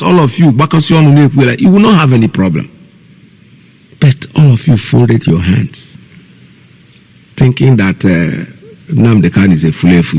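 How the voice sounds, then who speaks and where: A man's voice: medium pitch, creaky, darkish tone, breathy edge, long reverb tail. A man with a Nigerian accent hosting live online radio, scolding and mocking as he talks straight at his listeners. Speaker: radio host.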